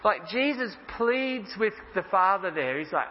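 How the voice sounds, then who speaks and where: A male pastor preaching casually, reading scripture slowly and with emphasis. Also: sits high, slight background noise. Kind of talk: sermon. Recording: dull roomy hall sound.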